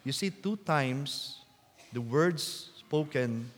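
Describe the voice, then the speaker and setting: A man preaching a sermon as a priest, slow and deliberate, rising to loud emphatic quotes. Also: mid-range voice. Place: church. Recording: long church reverb.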